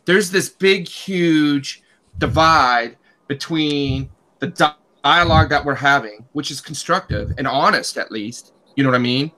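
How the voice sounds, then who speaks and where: A man with a somewhat high, bright voice. He talks on a casual online radio panel in halting, exasperated bursts and drops slang and curses as he goes.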